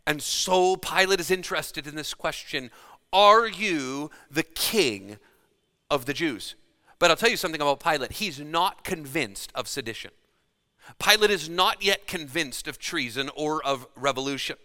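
Male preacher, bright forceful voice, dramatic dynamics, sermon in a church with a long hall echo. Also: on the high side, normal speed. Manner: dramatic, shifts between loud emphasis and hushed delivery. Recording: long reverb of a large hall.

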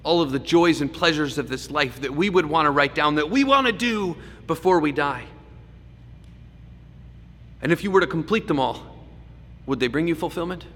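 A man's voice: fairly high pitch, normal speed. Man preaching in an echoey hall. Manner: dynamic preaching, swings from loud emphasis to hushed asides. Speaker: pastor. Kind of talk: sermon. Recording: echoey hall with faint background noise.

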